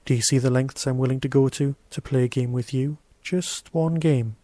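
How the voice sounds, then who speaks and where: A wily, knowing little man, read by a man, unhurried and measured with a quiet weight behind his words. The voice is dry and close to the mic. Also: medium pitch, fairly even intonation, dry recording, close to an everyday voice. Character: calm, wily small man, knowing and sagely.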